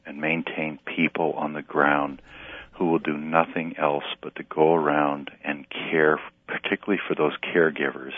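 A man, a pastor and relief director, speaking in an earnest, halting way in a radio interview by phone. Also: rumbling low, no echo. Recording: tinny phone line, dry.

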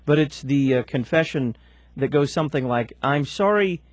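A man hosting a radio talk show, announcing upcoming segments and interviewing a guest in a smooth, practiced way. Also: medium pitch, fairly even intonation, moderate pace, darkish tone, no echo.

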